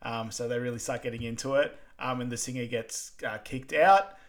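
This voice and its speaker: A man co-hosting a casual film rewatch podcast, recapping scenes in a relaxed way with many ums. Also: medium pitch, normal speed. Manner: relaxed, lots of ums, plain storytelling. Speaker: podcast co-host.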